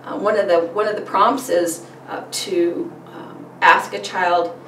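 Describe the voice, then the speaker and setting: A woman's voice: on the low side, steady tone, unhurried, a bit bright. A woman giving a workshop on reading with children, acting out sing-song questions between plain explanation and frequent fillers. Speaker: literacy trainer. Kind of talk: workshop presentation. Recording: roomy, distant mic with faint noise.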